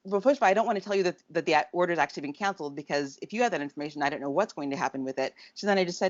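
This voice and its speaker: A woman's voice: fairly low pitch, very fast. A woman co-hosting a podcast, telling a story casually and acting out the people she quotes. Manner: animated, acts out quoted voices. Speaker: podcast co-host. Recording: dull dry podcast recording.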